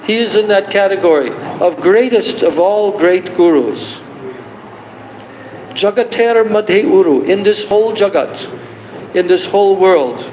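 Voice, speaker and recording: A man giving a devotional lecture, slowly explaining and chanting song verses as a spiritual teacher. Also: high-pitched, darkish tone, a little hiss or hum. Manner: slow and deliberate, chanting verses. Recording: roomy, dull, lo-fi livestream.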